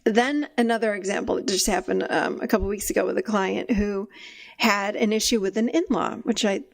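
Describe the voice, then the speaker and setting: A middle-aged woman hosting a podcast, telling stories in a lively way and laughing often, in a casual conversation. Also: mid-range voice, fairly quick, gravelly. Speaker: podcast host and therapist.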